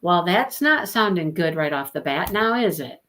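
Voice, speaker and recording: A woman's voice: lowish voice, lively intonation, moderate pace, a bit bright. A woman hosting a live book discussion, chatting casually, telling stories and laughing often as she reads out viewer comments. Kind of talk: casual chat on a livestream.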